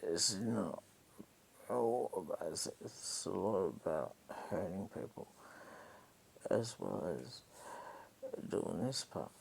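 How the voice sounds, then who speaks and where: A woman doing a low, mumbling evasive man. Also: lively intonation, takes it slowly, gravelly, long pauses, darkish tone, breathy edge, exaggerated voice, low-quality recording.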